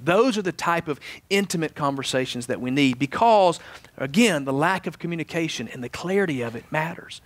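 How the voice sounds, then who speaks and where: A man preaching a sermon as pastor, animated in his stories and dropping soft and low for prayer. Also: fairly quick, no room sound. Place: church sanctuary.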